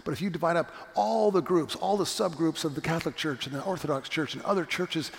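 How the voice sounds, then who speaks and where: A man's voice: fairly high pitch, fast, vocal fry. A middle-aged male pastor preaching a sermon, telling a story earnestly and repeating his point with emphasis. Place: church sanctuary. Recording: long reverb of a church hall.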